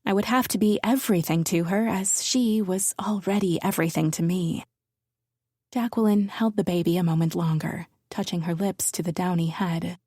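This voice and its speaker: Female first-person thriller narrator, measured and intimate, dark soft tone, dry booth sound. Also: fairly low pitch, steady tone, breathy edge, no room sound. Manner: measured, intimate, dropping into whispers. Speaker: audiobook narrator.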